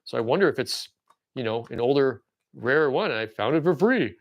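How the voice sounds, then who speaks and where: A man in his forties hosting a casual livestream show-and-tell, rambling with stammering restarts and excited tangents. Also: medium pitch, normal speed. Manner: excitable and enthusiastic. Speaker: livestream host.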